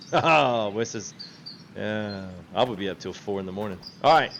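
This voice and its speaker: A man's voice: fairly low pitch, expressive, a little slow, gravelly, fairly bright tone, slight background noise. A man hosting a game livestream, chatting casually, laughing often and quoting his viewers. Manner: laughing, chatty, quotes chat. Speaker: livestream host.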